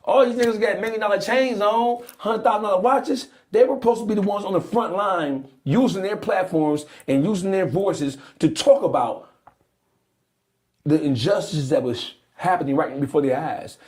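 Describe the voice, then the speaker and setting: A man's voice: high voice, normal speed, darkish tone. A man in a played clip giving heated, profane commentary, calling people out by name. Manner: fiery, profane, calls people out.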